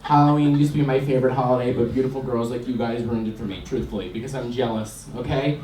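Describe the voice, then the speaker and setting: A man's voice: mid-range voice, fairly even intonation, fast talker. A man performing a stand-up comedy set in a comedy club, delivering punchy, brash jokes and mimicking voices. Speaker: stand-up comic. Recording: echoey club sound from far off, clear background noise.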